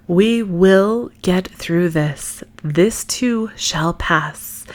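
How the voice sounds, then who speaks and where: Frank, earnest woman podcast host. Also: on the low side. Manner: frank and earnest, swears casually, laughs easily. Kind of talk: candid solo podcast monologue.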